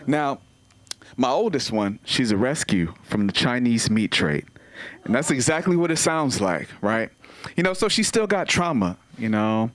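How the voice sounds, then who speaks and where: A man performing a stand-up comedy set at an open mic, telling animated stories and acting out the voices of people and dogs. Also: mid-range voice, moderate pace, no room sound.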